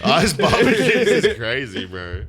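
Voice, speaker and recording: A man's voice: a little high, wildly swooping pitch, a little slow, a crowd in the background. A man in casual podcast chat, reading reviews aloud with laughing interjections. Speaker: podcast co-host.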